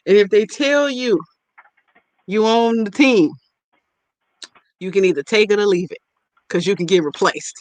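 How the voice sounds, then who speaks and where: A woman's voice: on the low side, no room sound. Playful woman podcast host, dry sound. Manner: playful, joking, talks straight to listeners. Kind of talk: casual podcast chat.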